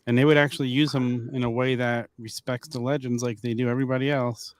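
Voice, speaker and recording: A man's voice: medium pitch, level tone, fast talker, clear, resonant tone, no echo. Agreeable male wrestling podcast co-host. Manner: agreeable, enthusiastic, short affirmations. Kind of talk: casual wrestling chat.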